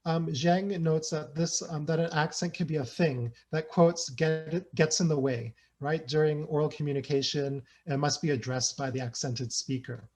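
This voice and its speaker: A man's voice: fairly high pitch, steady tone, moderate pace, hardly any pauses, a little mellow. Man giving a chatty academic talk. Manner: conversational, often tags lines with "right?"; thinks aloud with hesitations. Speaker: guest researcher presenting. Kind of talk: academic presentation.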